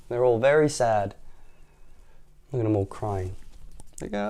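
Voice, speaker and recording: A man hosting a storytime video, reading a picture book aloud to children in a playful, animated way and asking them questions. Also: fairly low pitch, takes it slowly, vocal fry, long pauses. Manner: animated, playful, talks to young listeners. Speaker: storytime host.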